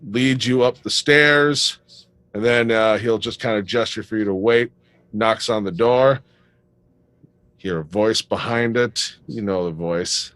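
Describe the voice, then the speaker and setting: A man's voice: medium pitch, fairly bright tone. A man runs a tabletop game and narrates the scene in a loose, rambling way, full of fillers. His voice sits in the middle of the range. The recording is dry, with no room echo. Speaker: game master.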